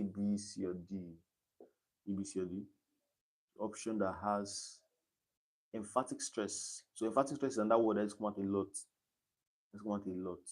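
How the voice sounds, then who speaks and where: Young Nigerian male tutor with a slightly low voice, repeats his points, patient and step by step on a live stream. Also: darkish tone. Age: young adult. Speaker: online exam tutor.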